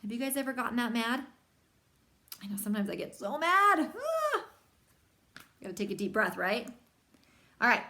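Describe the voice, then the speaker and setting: A young woman reading a children's picture book aloud, with lively, chatty asides to young listeners. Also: fairly high pitch, fairly quick, long pauses. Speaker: storybook reader.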